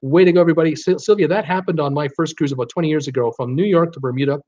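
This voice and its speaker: A man hosting a cruise live stream, reading viewer comments aloud in an animated, chatty way with many fillers. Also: fairly high pitch, rapid-fire. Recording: dull lo-fi stream audio.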